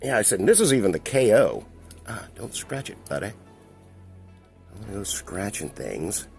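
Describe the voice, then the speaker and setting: A man's voice: fairly low pitch, very animated, unhurried, gravelly, a little mellow, soft background music. A man casually reviewing a collectible toy, chatty and rambling, with a chuckle now and then. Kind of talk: casual toy review while handling a figure.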